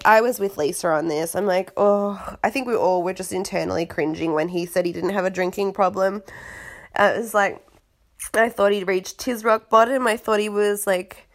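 A woman hosting a casual podcast, gossiping in a chatty, loose way full of filler words. Her voice sits at an ordinary middle pitch. She turns dramatic when she acts out what others said. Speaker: podcast host recapping a reality show. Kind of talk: casual chat.

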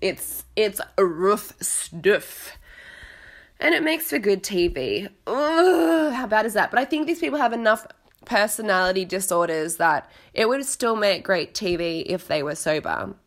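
Recapping a reality show on her podcast, a woman chats casually at a measured pace in a sing-song, medium-pitched voice. Her style is gossipy and dramatic, full of filler words, and she performs the quotes of others.

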